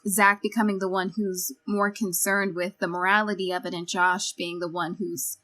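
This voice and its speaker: A woman's voice: lowish voice, normal speed. Woman podcast cohost, chatty, acts out movie lines as she talks. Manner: animated, retells scenes with quoted lines. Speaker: podcast co-host. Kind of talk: casual film discussion.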